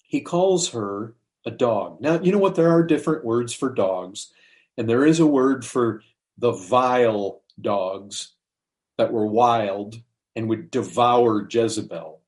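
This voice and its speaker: Male preacher, mid pitch, slow and conversational, lots of rhetorical questions. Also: lively intonation, darkish tone. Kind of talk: sermon.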